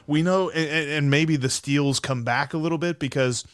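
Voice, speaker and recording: A man's voice: on the high side, moderate pace, smooth, dry recording, studio quality. A man co-hosting a sports podcast, talking casually and analytically, with frequent stammering restarts. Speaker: podcast co-host.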